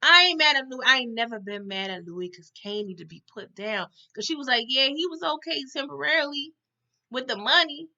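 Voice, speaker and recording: A woman chatting through a TV episode recap in a loose, slangy way. Her voice sits a bit high and comes across very bright and forceful. The audio is a little dull and lo-fi. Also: brisk, creaky. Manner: animated, slangy, talks straight to her viewers. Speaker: TV recap host. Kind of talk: casual recap vlog.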